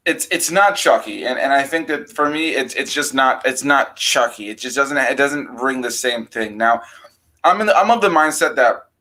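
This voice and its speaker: A man chatting casually about horror films, rambling and animated, breaking into raised-voice impressions of quotes. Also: mid-range voice, normal speed, low-quality recording. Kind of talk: casual film discussion.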